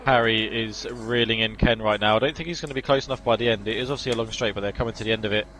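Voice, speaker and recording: A man's voice: on the low side, rapid-fire, poor audio. Chatty male sim racing commentator. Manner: chatty, analytical, excited on incidents. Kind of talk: live esports race commentary.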